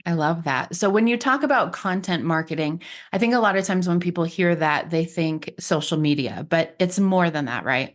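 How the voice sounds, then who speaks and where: A woman's voice: lowish voice, expressive, normal speed. A woman hosting a podcast, chatty and upbeat, laughing easily. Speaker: podcast host. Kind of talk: casual podcast chat.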